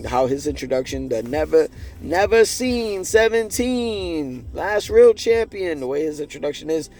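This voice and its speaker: A man hosting a podcast, reviewing wrestling results in an excited, swearing, chatty way. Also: medium pitch. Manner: excited, profane, talks to listeners directly. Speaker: podcast host.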